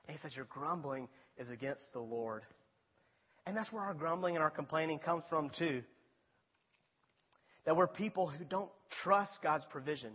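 A man's voice: a little high, husky. A man preaching a sermon as a pastor, talking in a conversational way and rising to emphatic appeals. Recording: dull sound with long reverb in a large hall.

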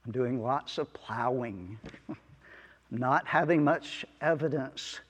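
Slow, earnest man preaching in a hall. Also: mid-range voice, breathy edge. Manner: slow, earnest preaching with soft asides and chuckles. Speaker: pastor. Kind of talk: sermon.

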